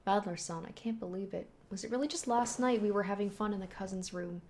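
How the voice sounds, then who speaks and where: A woman's voice: mid-range voice, fast talker, darkish tone, a little hiss or hum, close to an everyday voice. Woman reading a distraught young man. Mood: grieving. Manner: anxious and pleading.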